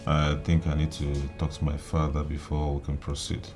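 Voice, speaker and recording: An actor with a Nigerian accent playing a cautious young royal who speaks calmly and deliberately. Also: male voice, extremely low pitch, music in the background. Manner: calm, measured.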